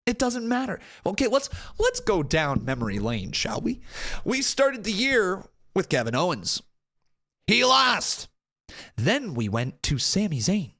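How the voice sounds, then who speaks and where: High lively dude reacting live to wrestling, yells and swears at the screen. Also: male voice, measured pace. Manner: loud, exclamatory, swearing, talks to viewers. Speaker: live stream watch-along host. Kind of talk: excitable live reaction commentary.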